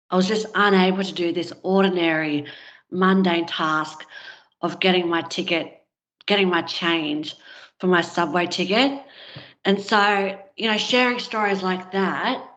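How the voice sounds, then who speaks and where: A woman with a lowish voice tells a personal story to an interviewer, frank and candid, never polished. The sound is dull and a little lo-fi. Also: fairly bright tone. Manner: candid, frank, with filler words. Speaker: guest.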